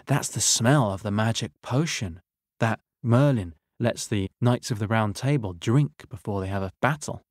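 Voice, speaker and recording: A man voicing a clever, eager young male helper in a storybook, speaking quickly and knowingly. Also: fairly low pitch, no room sound, clean studio sound, natural voice.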